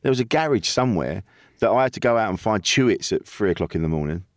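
A man's voice: lowish voice, lively intonation, fast, no room sound, clean studio sound. A man hosting a podcast in casual chat, chatty and swearing freely, with many restarts. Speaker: podcast host.

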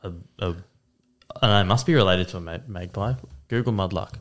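A low-voiced Australian man trades blunt, deadpan one-liners in casual podcast banter. He swears easily and drops into flat storytelling. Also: a little fast. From Queensland, Australia. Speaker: podcast co-host. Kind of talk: casual chat.

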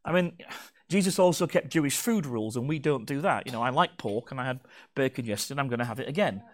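A man's voice: mid-range voice, expressive, fast. A man preaching a sermon to his congregation, playful and teasing. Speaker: pastor. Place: church hall.

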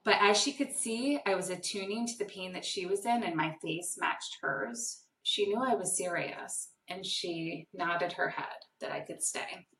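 A woman parenting coach answering interview questions in a lively way, acting out the voices in her stories. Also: on the low side, measured pace, hardly any pauses, slight background noise. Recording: echoey room, distant mic.

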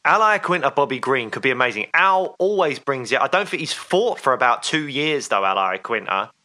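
A man's voice: mid-range voice, sing-song, brisk, bright, forceful tone. A man co-hosting a fan podcast, chatting keenly about upcoming fights. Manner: enthusiastic, chatty fan talk. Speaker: podcast co-host. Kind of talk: casual chat.

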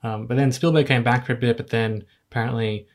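A man hosts a casual film-review podcast at an ordinary mid pitch. He talks in an easygoing, slightly hesitant way, often pausing on fillers and chuckling. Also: steady tone. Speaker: podcast host.

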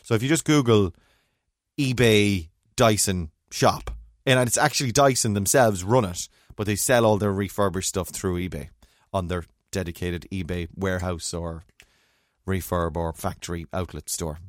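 A man, co-hosting a casual chat and telling rambling, animated stories full of restarts. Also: low voice, moderate pace, no echo, studio quality. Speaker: podcast co-host.

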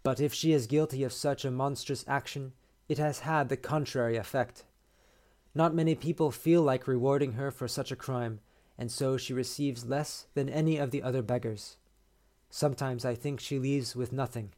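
Man reading a story, measured pace. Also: mid-range voice, fairly even intonation, darkish tone. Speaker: podcast host. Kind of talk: reading a short story aloud.

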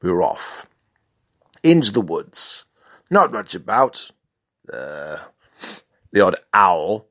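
A man narrating a comic story in a mock-grand, deadpan manner, mixing fancy words with swearing. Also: low voice, slow, pauses often, no echo, clean studio sound.

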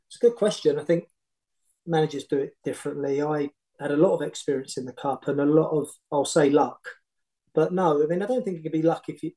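A middle-aged man with a mellow, warm voice sitting a little high for a man. He tells his stories in a loose, animated way, full of restarts and asides. His tone is that of a relaxed podcast guest. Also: rough recording. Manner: animated, rambling anecdotes with many restarts. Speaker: former football manager, podcast guest. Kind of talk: casual storytelling.

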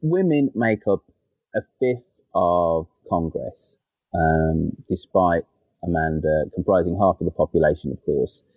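A deep-voiced man hosts a casual panel discussion and throws in wry, teasing asides. The sound is dry and close but dull and muffled, with the top end missing. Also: unhurried, no echo. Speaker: radio discussion host.

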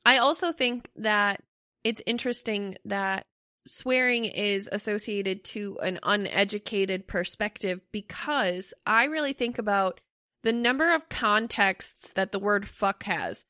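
Woman podcast cohost, bright punchy voice, swears a lot, dry close mic. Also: medium pitch, unhurried, no room sound. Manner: emphatic, swears freely, laughs loudly. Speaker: podcast co-host. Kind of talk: casual chat.

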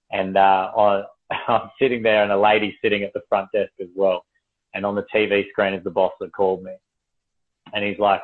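A young man telling a story casually, rambling, swearing and laughing as he goes. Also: lowish voice. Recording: tinny phone-like livestream audio.

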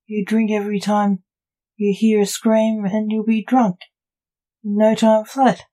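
Storybook necromancer son, dry and jesting, read by a woman, unhurried. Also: medium pitch, level tone, dark tone, lightly acted, low-quality recording. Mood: sarcastic. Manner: sarcastic, jesting. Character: sarcastic young male necromancer, joking son.

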